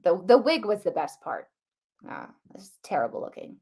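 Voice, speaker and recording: Her voice is gravelly and slightly rough, medium in pitch, moving at a normal speed. This middle-aged political livestream host chats casually and with lots of energy, wandering off track, restarting often, dropping fillers, and addressing everyone as "guys."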